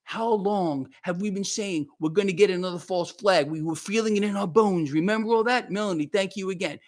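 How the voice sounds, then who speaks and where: A man's voice: high voice, brisk. A man hosting a livestream, ranting in a heated, worked-up way, repeating himself and thanking viewers by name. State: worked up and sweating. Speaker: market commentary livestream host.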